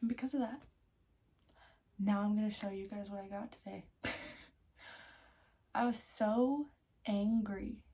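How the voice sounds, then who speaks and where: A young woman in her twenties, telling a story in a casual vlog, animated, swearing freely and laughing often. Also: medium pitch, measured pace, long pauses. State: out of breath. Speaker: vlogger.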